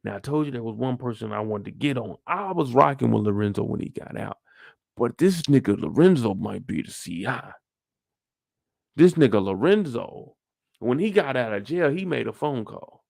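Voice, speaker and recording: Man, recap host, lively swings in pitch, dry close sound, profane, casual. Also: normal speed, creaky, no room sound. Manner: animated, profane, full of rhetorical questions.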